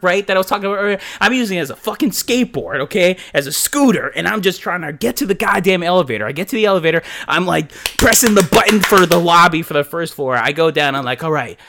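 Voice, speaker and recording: Animated, profane man telling a story. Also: sits high. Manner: animated, profane, acts out his own reactions. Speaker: podcast co-host. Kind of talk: casual storytelling chat.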